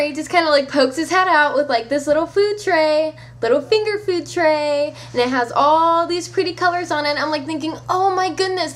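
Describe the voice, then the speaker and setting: High-voiced woman telling a story. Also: a little hiss or hum. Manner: animated, incredulous, swears casually. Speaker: vlogger. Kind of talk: casual storytelling to camera.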